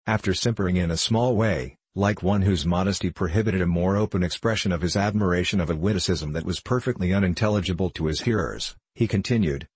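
A man reading a novel aloud as an audiobook narrator at a measured, even pace. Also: sits low, slightly rough, dry recording.

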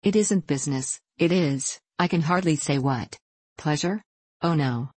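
A woman's voice: low voice, a little slow, darkish tone, husky, no echo. A woman reading the part of a shy young country girl who speaks hesitantly and stammers.

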